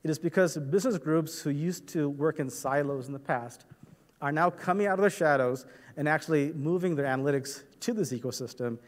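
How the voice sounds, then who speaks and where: A man with a slightly raised voice gives a technical presentation in a large hall, and his words carry a long reverb tail. He explains step by step, often pausing on "uh" and checking in with "right?". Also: fairly high pitch. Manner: explanatory, frequent "right?" and "uh" fillers. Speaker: conference presenter. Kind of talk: technical conference talk.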